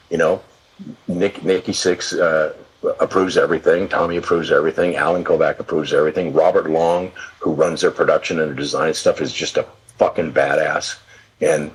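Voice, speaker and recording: A man's voice: very deep voice, slightly rough, rough recording. A man in his sixties telling rambling, profane stories in a casual interview, restarting his sentences often. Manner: profane, animated storyteller with many restarts. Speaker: guest, live event production executive.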